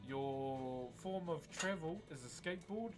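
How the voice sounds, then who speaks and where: His voice is a little high and expressive, with a measured pace. While carving wood at his home streaming setup, he chats laid-back with viewers, often saying "eh?" and "bro", as background music runs under his voice.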